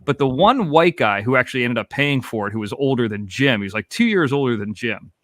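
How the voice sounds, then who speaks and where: A man's voice: medium pitch, animated, a little fast, a bit bright, no echo, clean studio sound. A man in his forties from Florida, a podcast host telling rambling, profane stories in casual chat. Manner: rambling, profane, laid-back.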